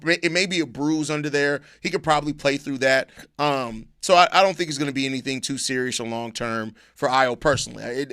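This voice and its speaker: A man hosts a live stream and answers viewer questions in loose, profane chat. His voice is raised somewhat, bright and edged with gravel. The sound is dry and close, with no room around it. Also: on the high side, dry recording. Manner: animated, mock outrage, swearing, repeated questions.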